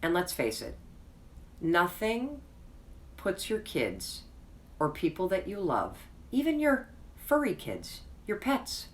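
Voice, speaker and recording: Woman host w a deep voice, candid and self-deprecating, earnest pep talk, sounds a bit far from the mic. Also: wildly swooping pitch, slow, pauses often, a little hiss or hum. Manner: chatty, self-deprecating, frank. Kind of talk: candid personal storytelling to camera.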